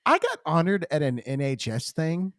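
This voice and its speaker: A man's voice: a little high, huge pitch swings, moderate pace, creaky. A man co-hosting a casual podcast chat, joking and laughing often. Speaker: podcast co-host.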